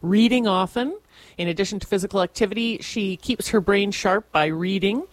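A woman co-hosting a radio show, relaxed, summarizing a story with plenty of fillers and soft hums. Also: medium pitch, normal speed, dry recording. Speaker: radio co-host. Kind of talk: casual radio chat. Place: radio studio. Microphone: studio microphone.

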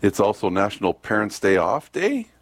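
A man's voice: on the low side, wildly swooping pitch, moderate pace, creaky, dry recording. A man hosting a radio show, chatting casually through the day's trivia and often losing his place with ums and uhs. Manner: rambling, loses his place, fills gaps with um and uh. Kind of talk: casual on-air chat reading date trivia.

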